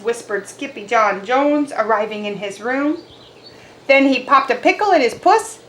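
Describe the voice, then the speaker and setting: A woman reading a picture book aloud to children as an animated, expressive storyteller. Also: on the high side, moderate pace, reverberant, a little hiss or hum.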